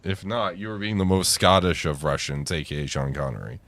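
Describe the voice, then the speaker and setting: Deep-voiced man teasing his co-player. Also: a little fast, fairly bright tone, no room sound. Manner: dry, teasing. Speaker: game player and co-host. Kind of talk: casual gameplay chat.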